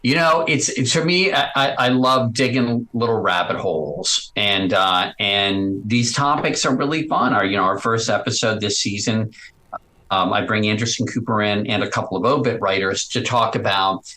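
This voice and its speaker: A man talks as a guest in a casual interview. His voice sits on the low side. He is chatty and animated and often stops to restart a sentence. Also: normal speed, poor audio. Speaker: podcast host as guest.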